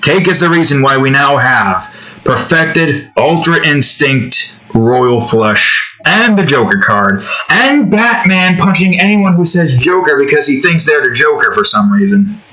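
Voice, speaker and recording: A man's voice: a little high, very animated, measured pace, sharp tone, a little hiss or hum, low-quality recording. A man hosting his own channel, chatting casually and rambling in a jokey, profane way full of fillers. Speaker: channel host. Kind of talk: casual rambling chat while drawing.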